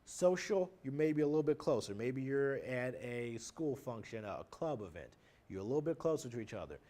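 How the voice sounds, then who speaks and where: A man's voice: mid-range voice, animated, a little fast, mellow. A married man teaching a class, explaining terms one by one with everyday examples in a plain lecture manner. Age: adult, married. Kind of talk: recorded lecture on nonverbal communication.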